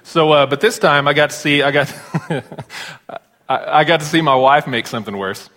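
A male pastor giving a sermon in a conversational storytelling way, turning soft and tender when serious. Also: fairly high pitch, normal speed, noisy background. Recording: long reverb of a large hall.

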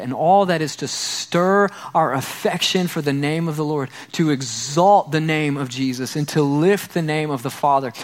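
A man preaching a sermon as pastor, earnest, repeating key phrases and tripping over repeated words. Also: fairly high pitch.

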